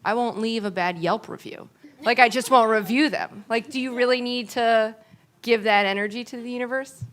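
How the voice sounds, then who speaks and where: A woman's voice: a little high, normal speed, a bit bright. A woman on a panel speaking frankly and giving advice. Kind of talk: panel discussion.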